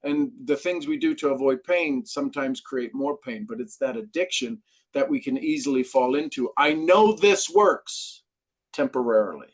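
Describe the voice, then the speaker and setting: A man as a podcast guest, a brain trainer, explaining ideas and telling stories with lively acted-out quotes. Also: mid-range voice, normal speed. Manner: animated storyteller, acts out quotes. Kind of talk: podcast interview.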